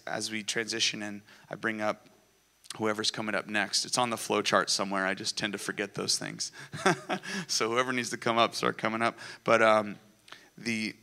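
Man, pastor, bright tone, earnest sermon delivery, rises to excited peaks. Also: mid-range voice. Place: church sanctuary.

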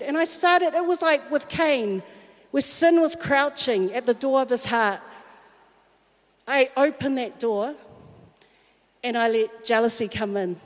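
Aussie woman preaching, high voice, lively storytelling, big hall echo. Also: measured pace, long pauses. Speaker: worship singer and speaker. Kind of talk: personal testimony sermon. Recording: long reverb of a large hall.

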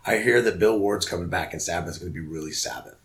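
A low-pitched man spins rambling stories in a relaxed interview. He gets excited and slips into other people's voices to act out what they said. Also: fast talker. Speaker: guest musician. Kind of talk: casual storytelling interview.

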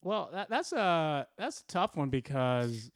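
Man telling stories in relaxed chat. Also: a little high, measured pace, no room sound, clean studio sound. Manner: relaxed, explanatory storytelling. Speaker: podcast co-host. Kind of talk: casual chat.

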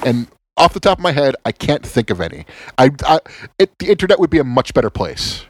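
A man in a loose, profane rant, full of sarcasm and quick restarts. His pitch swings widely as he gets worked up, and the sound is dry and close with no room around it. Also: no echo. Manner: animated, sarcastic, swears a lot, stammers and restarts.

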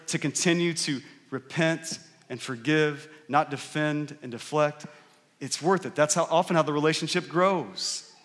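A man's voice: fairly high pitch, a bit bright. A man in his thirties, a pastor giving a conversational sermon and often checking in with the congregation. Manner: conversational preaching, often asks the crowd "right?". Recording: long hall reverb.

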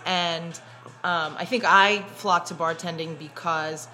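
A woman's voice: lowish voice, steady tone, slow pace, bright, forceful tone, faint music behind. A woman with a Brooklyn accent hosting a casual chat, rambling and self-deprecating. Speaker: podcast host, bar owner. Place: bar.

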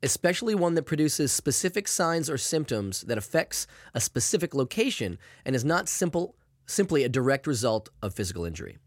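A man's voice: medium pitch, a little fast, dry recording, clean studio sound. A man co-hosting a casual podcast, rambling and swearing freely as he tells stories. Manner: animated, rambling, swears often. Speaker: podcast co-host.

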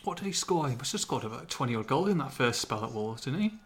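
A man's voice: mid-range voice, lively intonation, quick pace, fairly bright tone. A man hosting a casual football podcast, chatty and joking as he tells stories. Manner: chatty, joking, often laughing while telling stories. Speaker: podcast host.

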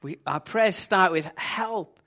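A man preaching a sermon in a relaxed, conversational storytelling manner with casual asides. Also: on the high side, a little slow.

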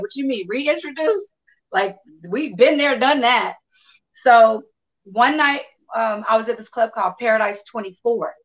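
Woman guest, casual and profane storyteller, slightly high voice, muffled lo-fi sound. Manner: animated, profane anecdote telling with quoted dialogue. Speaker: interview guest.

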